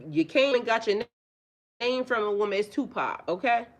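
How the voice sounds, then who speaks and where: On a casual livestream, a spiritual life coach speaks to her viewers in a fairly high, lively voice at a moderate pace. She's blunt, profane and preachy, firing off rhetorical questions and repeating phrases for emphasis.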